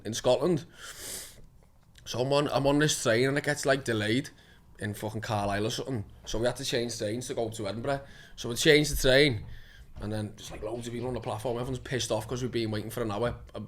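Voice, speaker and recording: A man in his thirties with a Liverpool accent, telling stories as a guest in a casual podcast chat, excitable and full of swearing and laughter. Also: mid-range voice. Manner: fast, excitable storyteller, swears a lot, lots of laughter. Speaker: guest actor.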